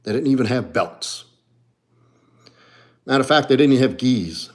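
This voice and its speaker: A middle-aged martial arts coach, New Orleans accent in his voice, reads comments in a casual livestream chat at a moderate pace. He's blunt and profane, with his voice falling to low mutters and rising in animated bursts.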